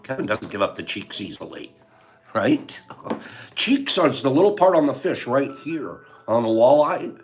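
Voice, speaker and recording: A man's voice: medium pitch, big pitch swings, unhurried, faint music behind. An older man hosting a casual livestream, emotional and heartfelt, laughing often as he chats with viewers. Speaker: livestream host.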